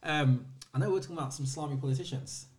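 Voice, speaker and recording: A man's voice: a little high, fast talker. Chatty man co-hosting a podcast. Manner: chatty, laughs often. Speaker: podcast co-host. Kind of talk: casual chat.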